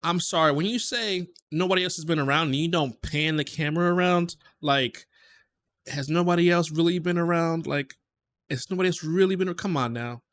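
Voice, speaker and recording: Man, slightly high voice, casual reaction host, emphatic, repeats himself. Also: normal speed, fairly bright tone.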